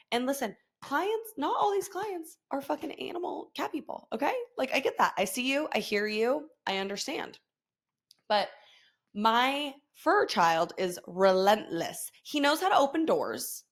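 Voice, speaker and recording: A woman's voice: medium pitch, a bit bright. A woman, hosting a casual solo podcast, swearing freely, laughing often and mimicking her son. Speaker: podcast host.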